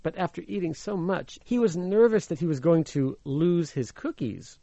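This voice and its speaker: A man's voice: on the high side, normal speed, vocal fry, no room sound. A playful man from Los Angeles who tells a fairy tale and explains idioms as a slang teacher, with a slightly muffled radio sound. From Los Angeles, USA. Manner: playful, animated, laughs easily. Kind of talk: storytelling lesson explaining idioms.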